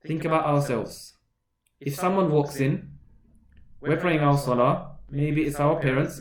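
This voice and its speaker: A man's voice: a little high, roomy sound. A man giving a Ramadan sermon as an imam, asking rhetorical questions and repeating phrases for emphasis.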